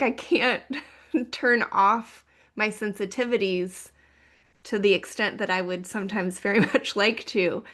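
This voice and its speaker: A woman coach speaks in a candid podcast conversation with a mid-range voice. She talks openly about personal experience, now and then breaking into a soft laugh. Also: mid-range voice.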